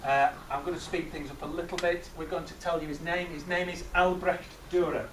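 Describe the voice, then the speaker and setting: Male teacher, middle-aged, lively and questioning; distant mic, roomy echo. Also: a little high, fairly quick. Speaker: teacher leading a maths master class. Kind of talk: classroom teaching with questions to pupils. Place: classroom. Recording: echoey classroom from far off, noisy.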